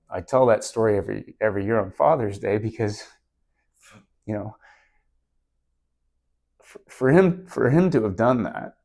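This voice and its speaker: A middle-aged man, a guest on a podcast, speaks with a somewhat low voice. He tells his story in an earnest, reflective way, like a relaxed conversation. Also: vocal fry. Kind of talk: casual interview storytelling.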